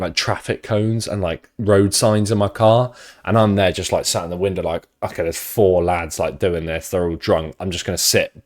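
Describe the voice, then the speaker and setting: A young man with a British accent and a low, deep voice chats loosely as he reacts on stream. He drifts from point to point, swears freely and keeps a laid-back tone. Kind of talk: casual reaction chat.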